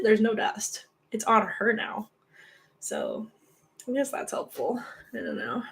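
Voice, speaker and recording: Young woman, livestream host, casual and giggly, slightly high voice, coos at her pet. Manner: chatty, giggly, coos baby talk at her cat.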